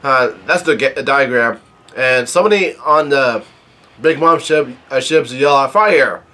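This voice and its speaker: Man reading a comic aloud, halting. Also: medium pitch, bright, forceful tone. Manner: halting, with many restarts and self-corrections. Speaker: manga reader and video host. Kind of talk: casual read-aloud of a comic chapter.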